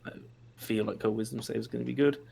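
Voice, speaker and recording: A man's voice: mid-range voice, fairly even intonation, fast, vocal fry, heavy background noise. A man playing in a tabletop game, thinking aloud about rules and tactics. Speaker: player. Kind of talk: casual game talk.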